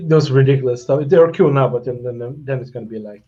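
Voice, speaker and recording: A man's voice: mid-range voice, steady tone, quick pace, hardly any pauses, dark tone, slightly rough. A man from Sweden chatting casually as co-host, rambling and trailing off mid-sentence. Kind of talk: casual chat. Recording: dull lo-fi audio.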